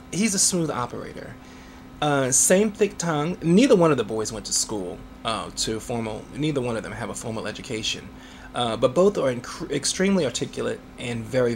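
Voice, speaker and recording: A man's voice: medium pitch, vocal fry, slight background noise. A man, an author, answering interview questions in a chatty way, laughing often and using many fillers.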